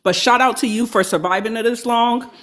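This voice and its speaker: A man's voice: very high-pitched, fairly quick, fairly bright tone. Blunt older man debating. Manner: blunt, confrontational, talks over others. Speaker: debate participant. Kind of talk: heated online debate.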